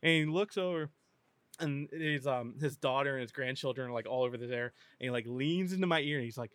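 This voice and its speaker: A man's voice: medium pitch, brisk, dry recording. A man telling a story on a casual podcast, acting out both sides of a conversation. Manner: animated, acts out both sides of a dialogue.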